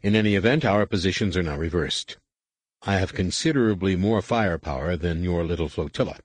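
A man voicing a fearful, defiant male starship captain in an audiobook, talking fast and insistently. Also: deep voice, expressive, husky, no echo.

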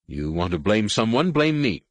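A man's voice: fairly low pitch, sing-song, moderate pace, no echo, pitched above the performer's own voice. A man voicing a blunt, defiant male colonel in an audiobook.

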